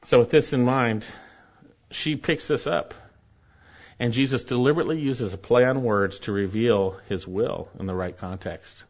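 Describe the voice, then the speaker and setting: A male pastor delivers an earnest, emphatic sermon, his voice sitting at an ordinary middle pitch. He presses points with growing intensity. The recording sounds a little dull and lo-fi. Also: moderate pace.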